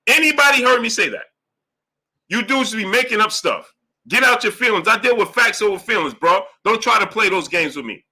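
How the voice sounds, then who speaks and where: A man's voice: sits high, pushed and bright, slightly rough. A man hosting a boxing live stream, arguing emphatically with rhetorical questions and reading out super chats. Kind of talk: heated live-stream commentary.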